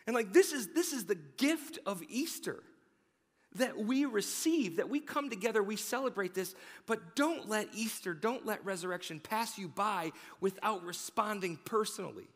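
A man preaching a sermon in a church, energetic and conversational, stammering now and then. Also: high voice, moderate pace, long reverb tail. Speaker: pastor. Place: large church sanctuary.

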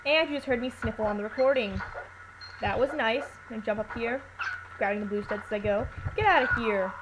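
A woman's voice: a little high, fairly quick. Playful woman with a noisy mic. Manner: playful, chatty, joking asides. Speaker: let's play commentator. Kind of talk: casual gameplay commentary. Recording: noisy home recording with hiss.

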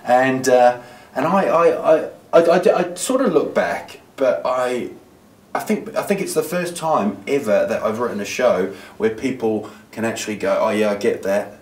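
A man's voice: medium pitch, expressive, moderate pace, far from the mic. A man, a comedian, chatting casually in an interview, rambling with fillers and acting out what people said. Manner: rambling with many fillers, acts out quoted voices. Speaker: comedian guest. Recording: roomy sound from off the mic, faint background noise.

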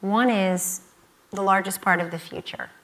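A woman in her fifties, a guest speaker on a university event stage, addresses a student conference. Her medium-pitched voice is steady and a little slow, captured in a rough recording, and she speaks emphatically, repeating key phrases.

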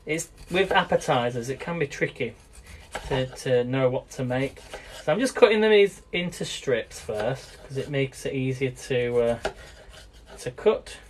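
A man's voice: mid-range voice, lively intonation, a little slow, a little hiss or hum. British male host, casual and rambling, talks to viewers while cooking live. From Britain. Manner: chatty and rambling, often addresses viewers as guys.

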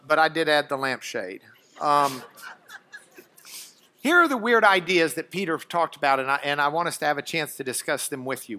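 A man teaching a Bible class, chatty and halting, with restarts and dry asides. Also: on the high side, pushed and bright. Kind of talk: classroom lesson with a guest.

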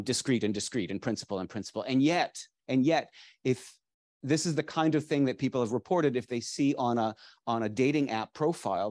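Speaking to a live crowd in a library lecture room, this middle-aged dictionary editor is digressive and keen, restarting his sentences again and again and filling gaps with fillers. His voice is ordinary and middle-pitched with a slightly mellow quality. The sound is dry and up close, carrying hardly any echo from the room.

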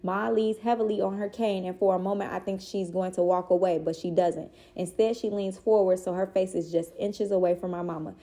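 Female reader, children's book read-aloud, mellow and warm, steady and expressive. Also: medium pitch, a little fast, hardly any pauses.

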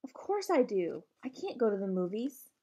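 A woman reading a novel aloud, voicing an agitated teenage boy with tics who blurts out his lines loudly. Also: mid-range voice, sing-song, normal speed, husky, highs cut off. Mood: angry.

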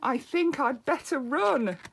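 A woman's voice: sits high, animated, takes it slowly, vocal fry, voice pushed up, heavily acted. A woman doing a little boastful growly monster. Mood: frightened. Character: small boastful male monster, gruff and growly.

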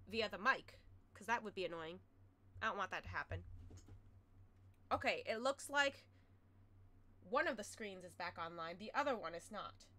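A woman streamer chatting casually to her viewers through a headset mic, excitable and quick to loudly exclaim and complain. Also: medium pitch. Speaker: game streamer. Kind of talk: casual live-stream chat.

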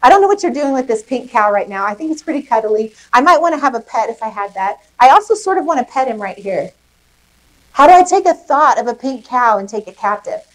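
A woman pastor preaching a sermon, lively and emphatic, putting questions to the congregation. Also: fairly high pitch, a little fast, low-quality recording. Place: church service in a rec center.

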